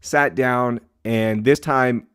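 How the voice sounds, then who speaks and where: A man tells a story on a podcast in a lively, teasing way, laughing at himself. His voice sits in a middling register. The sound is close and dry, with no room around it. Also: medium pitch, slow, clear, resonant tone, no room sound. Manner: animated storytelling, mocking himself. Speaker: podcast co-host. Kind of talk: casual chat.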